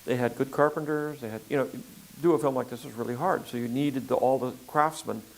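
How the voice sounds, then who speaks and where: An older man filmmaker in a relaxed interview conversation, talking in a rambling way with frequent fillers and restarts. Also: mid-range voice, fairly quick, gravelly, low-quality recording. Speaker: filmmaker guest.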